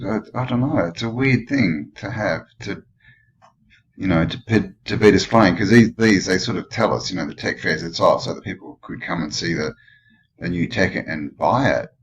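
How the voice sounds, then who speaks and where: An Australian man with a very low, deep voice comments in a loose, rambling way, throwing out questions as he goes. The sound is dull and lo-fi. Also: moderate pace. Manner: rambling, musing, full of questions. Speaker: channel host. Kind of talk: casual commentary over old photos.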